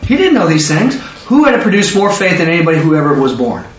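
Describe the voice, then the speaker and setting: High-voiced preacher quizzing his audience. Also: big pitch swings, soft background music. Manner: quizzes listeners with rapid questions. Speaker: Bible teacher. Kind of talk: interactive Bible study sermon. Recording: echoey dull room recording from far off.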